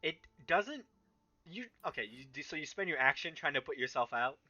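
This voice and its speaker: Halting man running a tabletop game. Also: a little high, animated, bright, forceful tone. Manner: halting, many ums and restarts. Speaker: game master. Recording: slightly dull, muffled sound.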